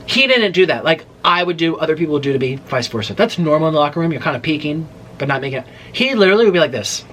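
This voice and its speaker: A man in his late twenties hosts a mukbang and chats straight to camera. His voice sits a little high and swoops all over the place as he rambles. He keeps cutting himself off mid-thought to start over. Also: quick pace, a little hiss or hum. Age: late 20s. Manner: animated, rambling, breaks off mid-sentence. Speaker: mukbang host. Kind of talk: casual storytelling chat to camera.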